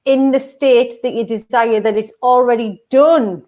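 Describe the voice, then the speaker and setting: A woman's voice: a little high, steady tone, a little slow, darkish tone. A woman co-hosting a casual livestream, explaining in an earnest, affirming way. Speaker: co-host of a mindset livestream.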